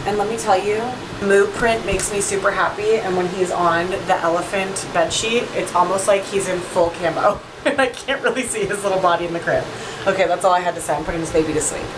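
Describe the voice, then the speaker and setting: A woman's voice: mid-range voice, steady tone, normal speed, background noise. A young adult woman, a mother, talking casually to her viewers in a candid, chatty way, filling her speech with "like" and the odd swear word. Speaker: mom vlogger. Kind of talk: casual chat to camera.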